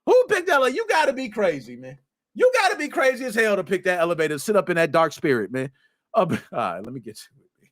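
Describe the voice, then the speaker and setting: A man hosting a casual livestream chat, animated and excitable, talking in slang and often breaking into shouts. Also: high voice, a little fast. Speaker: streamer, podcast host.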